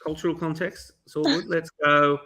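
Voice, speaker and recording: A man giving a keynote as a live demo over a video call, enthusiastic and thinking aloud with quick self-corrections. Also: fairly high pitch, little pitch movement, a crowd in the background. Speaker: keynote speaker.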